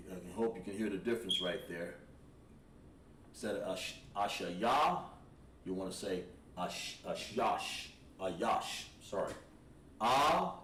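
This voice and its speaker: A man teaching a language lesson on a livestream, explaining words patiently and repeating them, with frequent throat clearing. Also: mid-range voice. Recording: roomy echo, distant from the mic, faint ambient noise.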